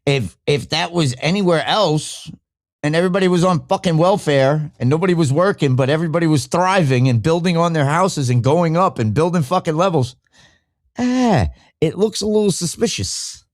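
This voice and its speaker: A man's voice: on the high side, moderate pace. A man hosting a podcast, ranting casually and swearing a lot while he thinks aloud and clicks through things. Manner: profane, animated, thinking aloud while browsing. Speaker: podcast host.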